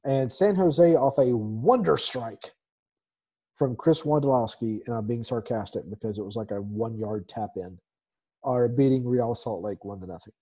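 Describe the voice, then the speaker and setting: A man hosts a casual soccer talk show, working through the evening's scores in a mellow, relaxed voice. He fills the gaps with ums and uhs and slips in a dry, sarcastic aside now and then. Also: medium pitch, moderate pace, husky. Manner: reads scores with many fillers, dry sarcasm. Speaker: soccer podcast host.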